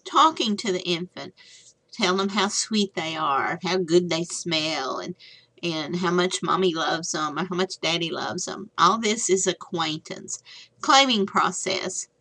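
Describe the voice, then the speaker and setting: An older woman talks through a recorded lecture on her slides. She is chatty and folksy and drifts into asides. Her voice sits a little low but sounds bright and forceful. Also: a little slow. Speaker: nursing instructor.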